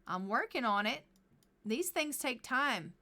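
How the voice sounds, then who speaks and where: Brief: a sassy, proud game wife, put on by a woman streamer, bright and a touch high. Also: lively intonation, slow pace, full character voice. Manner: sassy, scolding. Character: proud, exasperated wife and expert cook in a life-sim game.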